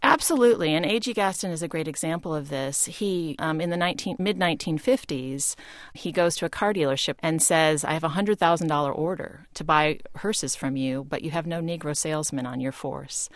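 A woman historian, a guest in a broadcast interview, explaining events in a storytelling way that grows animated in places. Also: low voice, brisk, no echo, clean studio sound.

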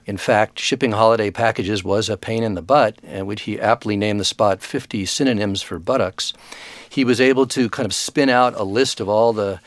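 A man who is an author and guest expert in a radio interview, speaking in a thoughtful, measured way with frequent hesitations. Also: fairly low pitch, no room sound.

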